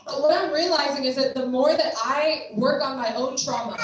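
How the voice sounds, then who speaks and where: Recorded at a distance in an echoey hall with faint noise and cut-off highs, a young woman from the United States delivers a chatty training talk to a group. She works in trauma care training and street outreach, frequently acting out quoted dialogue in a high voice at a moderate pace.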